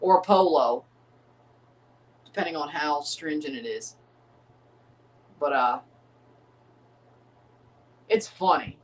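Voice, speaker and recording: A man with a fairly high voice talks loosely through a live match watchalong. He answers his chat, circles back to the same points and repeats himself, and he sits a little back from the mic. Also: animated, takes it slowly, long pauses, far from the mic. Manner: chatty, repeats phrases, answers chat viewers. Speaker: livestream host reacting to a match. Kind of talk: casual live watchalong commentary.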